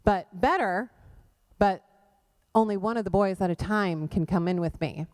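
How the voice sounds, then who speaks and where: A middle-aged woman speaks at a church women's gathering and tells her own story of faith through hard times. Her voice is smooth and resonant, pitched in the middle, and she brings the story to life by acting out what people said. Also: moderate pace, a little mellow. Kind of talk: personal testimony talk. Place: church event space.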